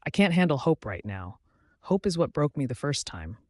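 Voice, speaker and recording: A grieving young waitress who once lived for the violin, voiced plainly by a man. She speaks softly and hesitantly, tired and resigned. The sound is dry and close. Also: fairly high pitch, sing-song, normal speed, no echo. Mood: sad, resigned.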